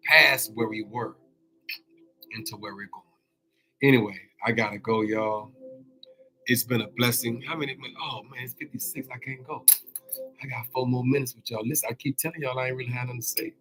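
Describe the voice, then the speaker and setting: A man hosting a casual spiritual motivational talk, with a bright, forceful tone. He repeats phrases and keeps turning to his listeners to check that they hear him. His speech is loose and colloquial, and his pitch sits in an ordinary middle range. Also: steady tone, normal speed, pauses often, soft background music, low-quality recording. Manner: repetitive, calls out to listeners directly. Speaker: host.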